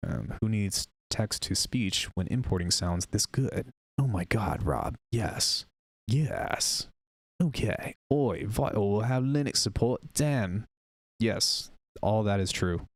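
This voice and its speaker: Low-voiced male streamer, casual and rambling. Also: animated, slow pace, slight background noise. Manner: rambling, hesitant, chatty with viewers. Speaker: music producer streamer. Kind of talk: casual live-stream software demo.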